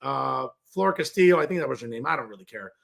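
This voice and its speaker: A man's voice: mid-range voice, lively intonation, fast talker, creaky, fairly bright tone. A male political commentator and show host delivering a combative, sarcastic opinion monologue, switching into Spanish mid-rant. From New Jersey.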